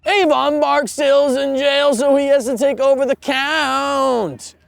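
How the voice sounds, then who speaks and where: A man putting on an overblown, drawn-out announcer voice, saluting someone in mock grandeur as a parody. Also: medium pitch, lively intonation, no room sound, lightly acted. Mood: mock-heroic.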